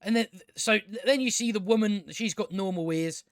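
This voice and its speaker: In this casual spoken review, a high-voiced man rambles through an exasperated, profane take on a TV show for his own channel. He talks at normal speed with a smooth tone, in a dry, studio-quality recording.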